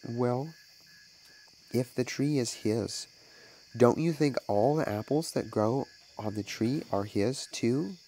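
A man's voice: mid-range voice, slow pace, mellow, slight background noise, rough recording. A man voicing an earnest mother who questions her son in decided tones.

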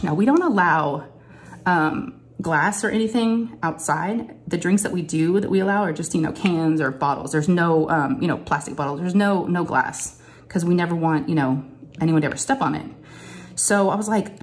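A woman's voice: on the low side, fairly quick. Chatty woman telling a story. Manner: chatty, animated storytelling with many asides. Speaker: crafting vlogger. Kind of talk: casual storytelling chat. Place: upstairs craft room at home.

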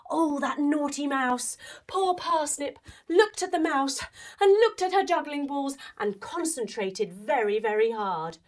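A young adult woman telling a playful children's story while guiding a yoga class, with expressive delivery and movement cues. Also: sits high, unhurried. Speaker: kids yoga teacher and storyteller.

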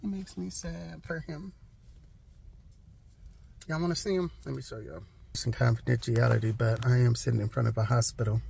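A woman's voice: very deep voice, normal speed, gravelly, pauses often, a little mellow, a little hiss or hum, low-quality recording. A woman telling a storytime vlog from her parked car outside a hospital, sassy and emphatic, repeating herself for effect, recorded on a handheld phone camera. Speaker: vlogger.

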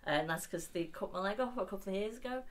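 A woman performing her spoken word poetry on stage with a wry, blunt, deadpan humour. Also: mid-range voice, quick pace, a little hiss or hum. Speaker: poet.

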